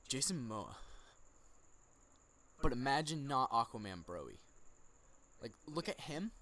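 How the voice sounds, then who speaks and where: A man's voice: mid-range voice, sing-song, a little slow, pushed and bright. Hesitant man thinking aloud. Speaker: co-host. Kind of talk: casual pop-culture chat.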